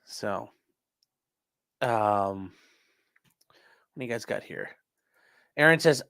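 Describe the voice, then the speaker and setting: A man's voice: on the low side, lively intonation, slow, gravelly, pauses often, pushed and bright, smooth. A man hosting a casual livestream, joking around and reading viewer comments aloud. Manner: jokey, rambling, reads viewer comments aloud. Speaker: livestream host reading chat.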